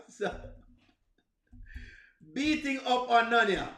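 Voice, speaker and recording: Bright high-voiced Jamaican man chatting. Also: expressive, drawn-out words, reverberant. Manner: chatty, laughs often, exclaims to himself. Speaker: livestream host. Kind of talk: casual livestream chat answering viewers.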